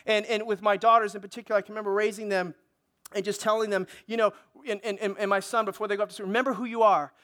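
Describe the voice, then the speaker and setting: Very high-voiced man preaching a sermon. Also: level tone, fast talker, fairly bright tone. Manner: impassioned, calls for amens from the congregation. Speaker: pastor.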